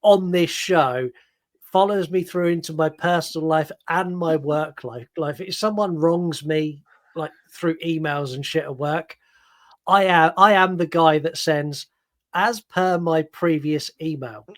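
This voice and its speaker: Stumbling, animated podcast co-host. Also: male voice, fairly high pitch, measured pace. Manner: stumbling, repeating words at the start of sentences; self-mocking and animated. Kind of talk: casual film review chat.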